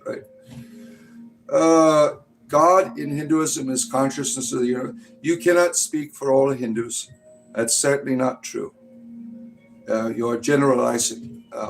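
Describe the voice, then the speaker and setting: A man hosting a casual livestream, rambling bluntly and jokingly, then cooing at his pet rabbits. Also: on the high side. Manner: rambling, blunt and jokey, coos at his pets. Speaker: spiritual comedy streamer.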